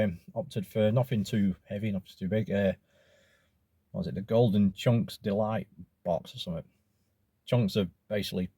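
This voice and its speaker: A man's voice: on the low side, warm tone, dry recording. A man with an Australian accent, casually rambling and swearing as he reviews takeaway food in a vlog.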